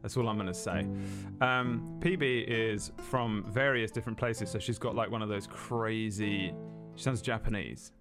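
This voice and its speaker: Playful joking game master. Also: male voice, fairly low pitch, music in the background. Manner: playful, joking, fast self-mocking asides. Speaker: game master and stream host. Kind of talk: casual banter opening a tabletop stream.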